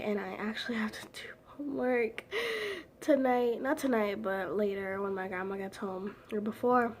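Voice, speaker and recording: A woman's voice: mid-range voice, darkish tone, a little hiss or hum. A teenage girl chatting casually to camera at home, rambling with lots of "like" fillers and giggles. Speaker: vlogger.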